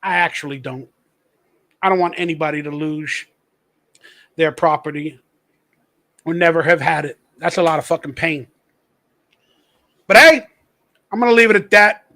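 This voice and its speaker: A man's voice: a little high, normal speed, long pauses, pushed and bright. A man hosting his own podcast, ranting in blunt, profane, mocking commentary. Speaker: podcast host.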